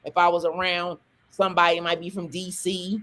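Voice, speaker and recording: A woman in her forties from the American South, a rapper talking as a guest in a casual interview. She tells stories in quick bursts, full of restarts and asides, in a neutral, non-regional accent. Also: on the low side. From Southern US, Atlanta. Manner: animated, talks fast in bursts with restarts.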